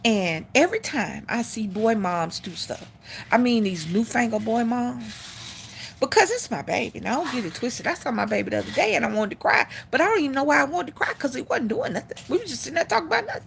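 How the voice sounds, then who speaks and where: Sassy, blunt high-voiced woman. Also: sing-song, fairly quick, gravelly, fairly bright tone, slight background noise. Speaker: live stream host. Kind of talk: casual opinion talk.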